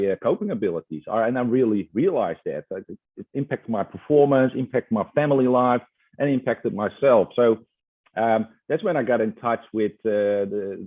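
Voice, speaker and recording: A man's voice: on the low side, dry recording. A man with a Dutch accent, a guest author chatting hesitantly in an interview with many fillers and restarts. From Netherlands. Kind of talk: casual interview chat. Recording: tinny phone-like line.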